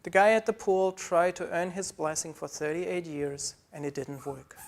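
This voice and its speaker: A man's voice: a little high, fairly even intonation, moderate pace. A man preaching a sermon as pastor, earnest and pleading, building through repeated phrases.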